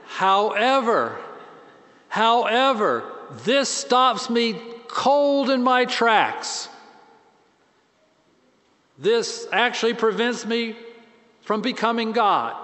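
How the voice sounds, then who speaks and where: A man priest giving a conversational, self-deprecating sermon with animated swings in pitch and volume. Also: drawn-out words, long pauses, big-room sound.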